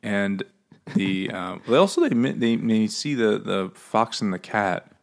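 A man's voice: fairly low pitch, a little slow, vocal fry. A man co-hosting a casual book podcast, loose and profane, laughing often and acting out characters. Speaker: podcast co-host discussing a book. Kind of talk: casual chat.

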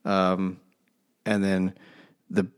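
A man's voice: sits low, monotone, drawn-out words, clean tone. A man co-hosting a podcast, casually and sarcastically recapping a book's plot with plenty of swearing. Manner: sarcastic, profane, mocking the plot. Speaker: podcast co-host. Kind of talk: casual chat, recapping a book.

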